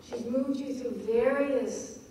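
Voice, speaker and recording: A woman giving a lecture on poetry, reading lines aloud with expressive emphasis. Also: a little high, slow pace, far from the mic, slight background noise. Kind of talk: lecture on poetic rhythm. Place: lecture hall at a festival. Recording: echoey hall, recorded from afar.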